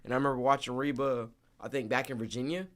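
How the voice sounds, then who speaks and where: Young man telling animated stories. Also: medium pitch, fast talker. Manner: animated storyteller, acts out quotes. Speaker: actor, interview guest. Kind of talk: casual interview storytelling.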